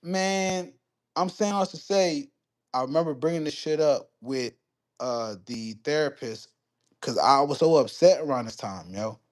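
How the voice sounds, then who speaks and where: A man on a live stream casually telling a story and answering chat, swearing freely and getting heated. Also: a little high. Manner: profane, heated when retelling conflicts, quick asides to chat.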